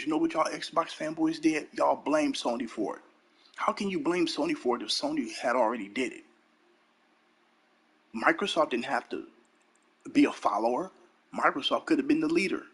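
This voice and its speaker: A man with a husky, slightly rough voice delivers a heated, profane gaming rant. He hammers his points by repeating lines, sitting at an ordinary middle pitch for a man. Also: fairly bright tone. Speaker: gaming channel host.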